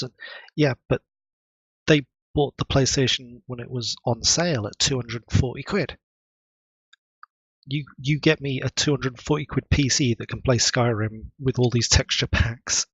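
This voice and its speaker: A man's voice: mid-range voice, fairly even intonation, measured pace, husky, dry recording. A man co-hosting a gaming podcast, making his points in a matter-of-fact way. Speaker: podcast co-host. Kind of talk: casual chat. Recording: dull lo-fi mic.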